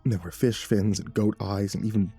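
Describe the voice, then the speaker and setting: Male horror narrator with a warm, dark tone; reads slowly and dramatically over quiet music. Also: lowish voice, fairly even intonation, breathy edge. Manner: measured and dramatic, with nervous stammered repeats. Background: faint background music.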